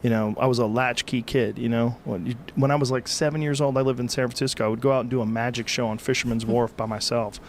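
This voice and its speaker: A man's voice: mid-range voice, fairly even intonation, quick pace, hardly any pauses, slight background noise. A middle-aged man talks in a loose podcast conversation. He is blunt and emphatic, and he swears casually as he speaks. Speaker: podcast host.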